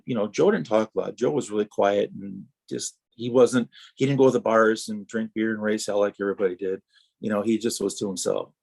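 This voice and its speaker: A retired racer from Wisconsin, guesting on a podcast, tells long, rambling anecdotes with many restarts, acting out other people's lines. His voice is lowish, creaky and darkish.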